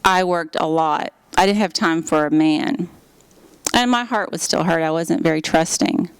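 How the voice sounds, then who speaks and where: A woman's voice: low voice, moderate pace, smooth, dry recording. A woman giving an earnest, heartfelt faith testimony. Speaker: speaker giving a personal testimony.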